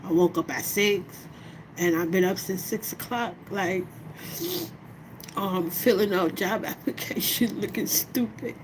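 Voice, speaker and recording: A woman talking slowly and from the heart in a personal vlog, often checking in with "you know what I mean". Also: on the low side, fairly even intonation, noisy background. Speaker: vlogger.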